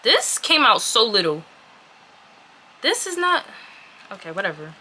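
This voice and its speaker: A woman vlogger casually chatting to her viewers as she unboxes items, getting easily excited. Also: on the high side, measured pace. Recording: noisy room with packaging crinkles.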